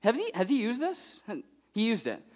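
Animated man preaching a story sermon. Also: very high voice, normal speed. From California. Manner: animated and conversational, acts out his toddler's voice. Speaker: guest preacher. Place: church.

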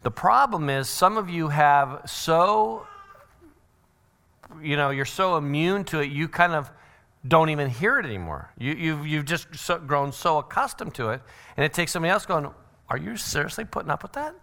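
A middle-aged man teaching a church parenting seminar, his voice bright and a little high for a man. He talks in an animated, joking way and slips into quick impressions of what other people say. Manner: animated, acts out quoted voices. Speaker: seminar speaker.

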